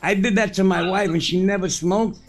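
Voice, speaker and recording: A man's voice: high-pitched, steady tone, brisk, soft background music. A man hosting a podcast, chatting casually as a rambling, profane storyteller. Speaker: podcast host. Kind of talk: casual chat.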